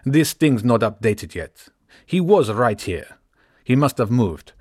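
A man playing a hulking Russian teen bully with a thick Russian accent, pitched higher than the narrator. He taunts with swagger in a dry, close storybook reading. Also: big pitch swings, slow, darkish tone, breathy edge, dry recording, heavily acted. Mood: brusque.

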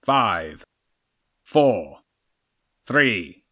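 A huge old badger king, as a man puts him on, gruff and brash, roaring taunts and challenges. The voice is rougher and pushed higher than the reader's usual low tone, with a fierce, fighting swagger fit for a storybook. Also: big pitch swings, drawn-out words, pushed and bright, heavily acted. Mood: taunting. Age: older.

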